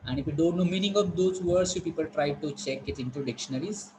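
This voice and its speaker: A man's voice: fairly high pitch, fast talker, noisy background. A man with an Indian English accent teaching an online class, explaining words and repeating them for students. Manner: instructive, repeats words, asks students questions.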